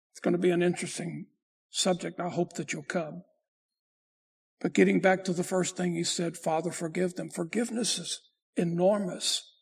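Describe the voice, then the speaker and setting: Raspy high-voiced preaching pastor. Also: male voice, steady tone. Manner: preaching with emphatic rises and slow drawn-out phrases. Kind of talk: sermon.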